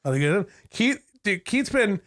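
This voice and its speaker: A man's voice: high voice, sing-song, unhurried, fairly bright tone. A young man co-hosting a casual comedy podcast, swearing a lot and telling crude jokes and stories. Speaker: podcast co-host.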